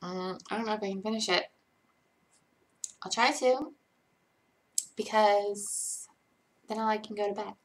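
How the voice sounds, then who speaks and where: A woman's voice: mid-range voice, a little slow, pauses often. A tired young woman chatting casually on a live stream, rambling and self-deprecating as she reads chat aloud.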